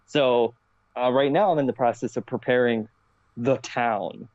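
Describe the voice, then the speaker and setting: A man co-hosting a podcast in casual chat, relaxed and rambling, often quoting his own thoughts. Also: medium pitch, measured pace, lo-fi sound. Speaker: podcast co-host.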